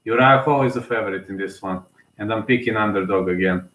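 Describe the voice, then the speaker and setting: A man's voice: fairly low pitch, a little fast, fairly bright tone, echoey room. A man giving casual live fight commentary, emotional and hesitant as he thinks aloud. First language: Serbian.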